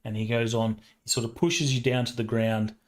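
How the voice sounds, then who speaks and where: A man's voice: medium pitch, flat delivery. A man narrating a tabletop game as game master, hesitant and full of fillers. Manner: slow, hesitant, many fillers.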